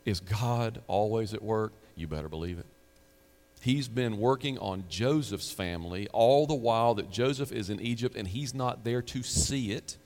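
A man's voice: fairly low pitch, normal speed, a little mellow. Middle-aged man preaching a sermon in a reverberant hall. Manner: conversational preaching with rhetorical questions and asides. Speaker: pastor.

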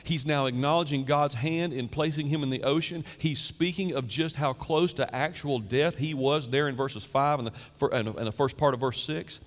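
Pastor in his fifties preaching in a hall. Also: mid-range voice. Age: 50s. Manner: conversational storytelling, animated, quick asides. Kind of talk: sermon.

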